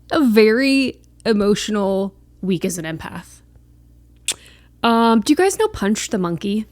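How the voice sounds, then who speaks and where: A woman's voice: mid-range voice, darkish tone, no echo, studio quality. A young woman hosting a podcast, chatting casually and emotionally, gushing with lots of fillers. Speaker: podcast host. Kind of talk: casual chat.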